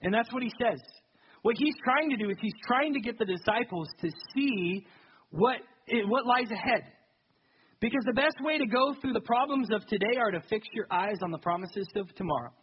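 Man, young adult, pastor, sermon, conversational and emphatic, husky, dull lo-fi recording. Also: high voice, expressive, normal speed. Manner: conversational, self-deprecating, builds to emphatic peaks.

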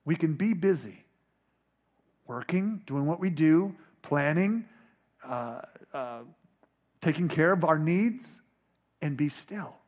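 A man preaching a sermon, dropping to a hush and then rising to near shouts as he acts out scripture. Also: on the high side, animated, takes it slowly, long pauses, lo-fi sound. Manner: dramatic, swinging from hushed to shouting. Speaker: pastor.

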